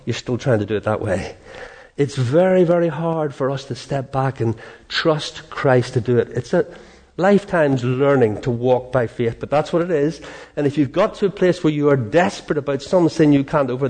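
A man preaching a sermon in an earnest, animated way, acting out prayers and quotes, with a soft laugh now and then. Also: medium pitch.

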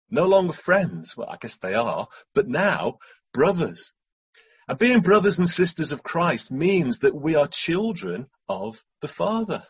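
A man's voice: on the high side, husky, lo-fi sound. A man preaching a sermon in a reflective way, often asking rhetorical questions.

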